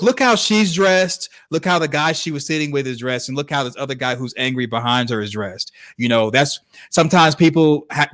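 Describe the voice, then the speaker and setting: A man with a fairly high, slightly bright voice co-hosts a podcast in a dry recording. He offers relaxed, wry commentary on a clip, full of filler words.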